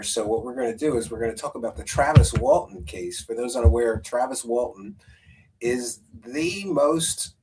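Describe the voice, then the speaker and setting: A man's voice: medium pitch, darkish tone, rough recording. A man hosting a casual stream, rambling and thinking aloud as he talks and then reads out a synopsis. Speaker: host. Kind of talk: casual live-stream chat.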